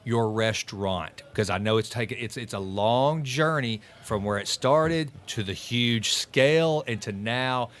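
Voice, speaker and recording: A man's voice: mid-range voice, unhurried, hardly any pauses, fairly bright tone. A man hosting a podcast, enthusiastic and rambling as he asks questions. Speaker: podcast host. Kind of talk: podcast interview.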